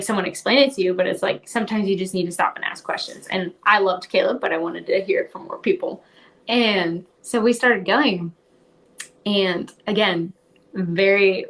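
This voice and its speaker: A woman's voice: mid-range voice, a bit bright. A young woman, a podcast guest, telling her story in a casual interview. She talks in a chatty way, fills her speech with "like" and often laughs.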